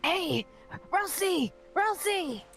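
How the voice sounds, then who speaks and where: A man voicing a timid, gentle young woman healer who stammers and hesitates. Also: extremely high pitch, lively intonation, drawn-out words, gravelly, faint music behind, voice pushed up, full character voice. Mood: calling out.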